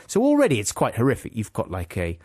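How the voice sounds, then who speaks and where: A man's voice: mid-range voice, wildly swooping pitch, quick pace, darkish tone, dry recording. A man co-hosting a comedy talk show, retelling a fairy tale with lots of tangents, asides and caveats. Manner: rambling, tangent-prone, full of asides and caveats. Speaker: radio show co-host. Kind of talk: comic storytelling chat.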